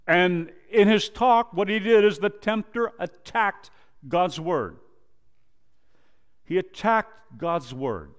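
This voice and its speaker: A male pastor preaching a sermon, quoting scripture and acting out dialogue, swinging from loud emphasis down to a low hush. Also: expressive. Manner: preaches slowly, rises loud then drops to a low hush; quotes scripture and acts out dialogue.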